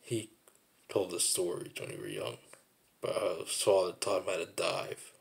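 A man with a very low, gravelly voice talks through his own memories. He rambles and circles back on his words, reflective and repetitive, as in a personal monologue. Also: animated, normal speed.

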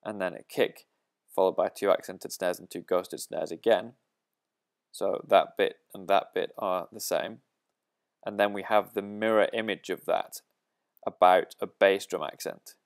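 A man's voice: low voice, fairly even intonation, unhurried, vocal fry. A man teaching a drum lesson, explaining a pattern step by step and counting the beats aloud.

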